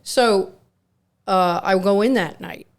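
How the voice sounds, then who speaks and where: Gravelly-voiced middle-aged woman telling stories. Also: mid-range voice, slow pace. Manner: rambling anecdotes with acted quotes. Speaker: podcast co-host, nurse. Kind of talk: casual storytelling chat.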